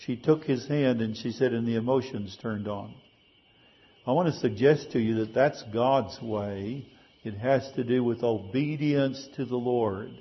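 A man's voice: medium pitch, measured pace, husky, highs cut off. A male pastor preaching a sermon in a conversational way, asking his congregation rhetorical questions.

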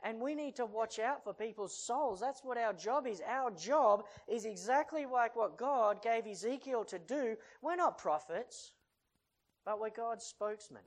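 A preacher giving a sermon who reads old-fashioned scripture verses aloud and then explains them in chatty asides. Asks the congregation frequent questions and builds to loud, urgent pleading. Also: mid-range voice, lively intonation, a little slow, low-quality recording.

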